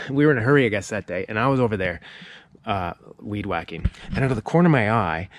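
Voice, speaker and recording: A man preaching a sermon as pastor, moving from a quiet personal story into emphatic teaching. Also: low voice. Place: church sanctuary. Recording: echoey church hall.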